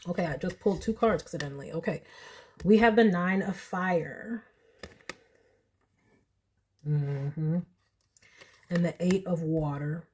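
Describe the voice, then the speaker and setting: A young woman giving a casual pick-a-card tarot reading, chatty and animated, often laughing. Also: on the low side, a little slow, pauses often, slight background noise. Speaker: tarot reader.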